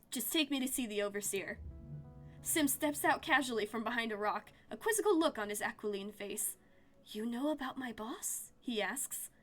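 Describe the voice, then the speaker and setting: Expressive woman reading a game aloud. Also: a little high. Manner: expressive, dramatic storytelling read-aloud. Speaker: game streamer.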